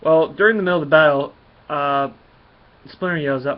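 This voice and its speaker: A man's voice: fairly high pitch, moderate pace. Rambling man reviewing a comic. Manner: rambling, with many fillers and restarts. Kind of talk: casual review commentary. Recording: dull lo-fi recording.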